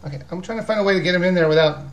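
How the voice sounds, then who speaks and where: A man's voice: high-pitched, very fast. A man hosting a casual live video chat, rambling as he answers viewers' questions about games. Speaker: video game reviewer and host.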